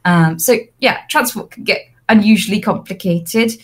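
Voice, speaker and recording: A young adult woman, an interview guest, telling lively personal anecdotes with frequent fillers and restarts. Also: medium pitch, moderate pace, breathy edge. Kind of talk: casual storytelling.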